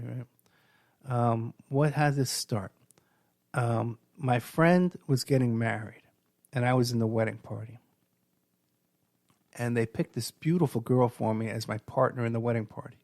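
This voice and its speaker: A man's voice: medium pitch, vocal fry, dry recording, clean studio sound. A middle-aged man, hosting a radio show and telling rambling stories with lots of fillers and restarts. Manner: storytelling with many fillers and restarts. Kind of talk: rambling monologue.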